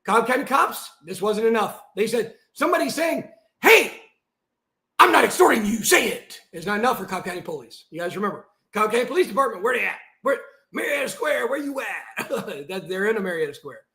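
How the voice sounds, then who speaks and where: A man on a live stream, reading a document aloud and breaking into heated, shouted asides. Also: high voice, expressive, fast talker, reverberant. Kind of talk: livestream monologue reading out a document.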